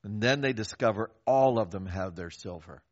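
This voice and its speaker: An older man preaching a sermon as a pastor, telling a story in a conversational, animated way and acting out the quoted voices. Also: lowish voice, normal speed. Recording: dull lo-fi recording.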